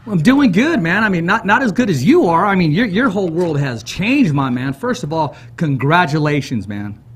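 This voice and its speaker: A man's voice: fairly high pitch, animated, moderate pace, slightly rough. A man hosting an interview show from a production studio, drawing out hype introductions and often repeating words. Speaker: podcast host. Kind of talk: energetic interview hosting with announcer flourishes.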